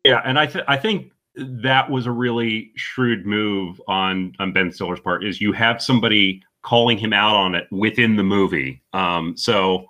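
A man chatting on a podcast with a low-set, bright voice, laughing often as he talks. He keeps it casual and loose, tossing in quick asides. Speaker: podcast co-host. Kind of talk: casual chat.

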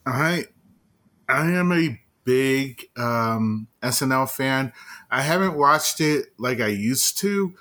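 Slow deadpan Jersey comic, man. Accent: New Jersey. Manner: deep deadpan comic delivery. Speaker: podcast guest. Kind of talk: casual chat.

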